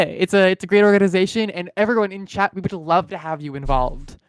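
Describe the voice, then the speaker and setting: A woman's voice: on the low side, fast talker, smooth. A woman guesting on a livestream in casual chat, playful and often stumbling over her words. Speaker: stream guest.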